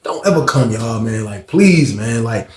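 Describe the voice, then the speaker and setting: A man telling a story in a casual vlog, slangy and animated, with lots of fillers and cursing. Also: medium pitch, measured pace. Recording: roomy echoey room.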